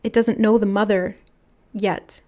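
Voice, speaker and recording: Soft-spoken woman giving a tarot reading. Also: mid-range voice, steady tone, a little slow. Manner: musing, soft-spoken, channeling aloud. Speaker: tarot reader. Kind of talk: intuitive spiritual reading.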